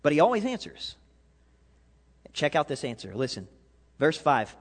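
A male pastor preaching a sermon, animated, swinging between loud and quiet and asking the congregation questions. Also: on the high side, moderate pace. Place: church sanctuary. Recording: long hall reverb.

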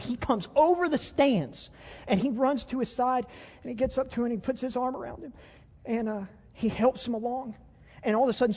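A man preaching a sermon from a church stage, telling a story with passion, swinging from loud to hushed and often repeating words. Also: high-pitched, long reverb tail. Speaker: pastor.

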